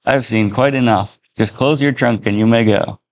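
A man's voice: mid-range voice, moderate pace, natural voice. A man reading a story aloud, voicing a stern, brusque male border guard who barks curt orders. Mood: impatient.

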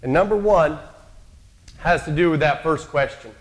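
A man's voice: fairly high pitch, moderate pace. A man preaching a sermon in a conversational, storytelling way, acting out quotes from the characters he describes.

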